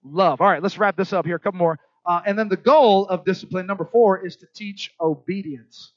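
Briskly and in a high-pitched voice, a middle-aged pastor preaches to his church crowd. He's chatty and conversational, frequently checking in with listeners, and the recording sounds dull, lo-fi and dry, with no room sound.

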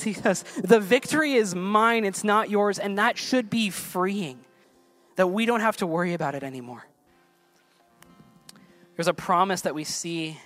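Earnest male pastor preaching a sermon. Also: high-pitched. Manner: earnest, builds to emphatic peaks then drops soft.

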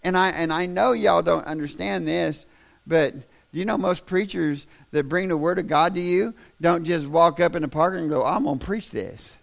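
Male pastor, fairly high gravelly voice, humorous storytelling sermon with loud emphatic peaks. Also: steady tone, moderate pace.

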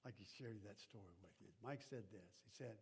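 A male pastor preaching a sermon, halting with many fillers and calling out for an amen. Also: on the low side, vocal fry, a little mellow, husky. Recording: long reverb of a large hall.

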